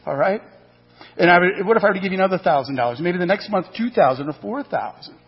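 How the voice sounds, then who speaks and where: A man preaching from the pulpit, slightly higher-pitched than most, with a husky edge. He's animated, throws rhetorical questions at the congregation and acts out little asides. The recording is dull and muffled, with long reverb from the church hall. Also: very fast. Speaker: pastor. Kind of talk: sermon. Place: church sanctuary.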